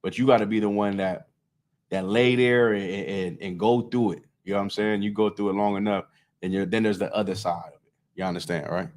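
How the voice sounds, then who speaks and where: A man's voice: on the low side, fairly even intonation, fairly quick, slight background noise. Male scripture teacher, casual and talkative, keeps asking if the group follows. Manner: loose and talkative, constantly checking in with listeners. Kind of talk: conversational street-style scripture teaching.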